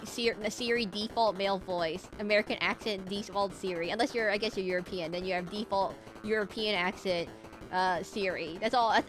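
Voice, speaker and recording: A woman's voice: mid-range voice, fairly bright tone. A woman streaming a game, chatting casually with her viewers in a giggly, rambling way. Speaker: VTuber streamer. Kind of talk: casual livestream chat while gaming.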